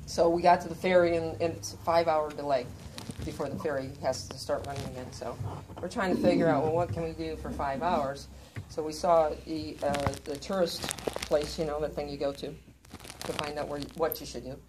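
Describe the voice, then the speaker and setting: A woman's voice: low-pitched, a little fast, noisy background. Older woman telling a laughing story. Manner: animated, laughing, many restarts. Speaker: comedian. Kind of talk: stand-up storytelling.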